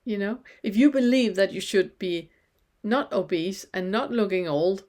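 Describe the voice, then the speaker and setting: A woman with a mid-range voice leads a spiritual teaching lesson. She talks calmly and reflectively and keeps turning the listener back on themselves with rhetorical questions. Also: mid-range voice, a little slow. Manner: calm, reflective, asks many rhetorical questions.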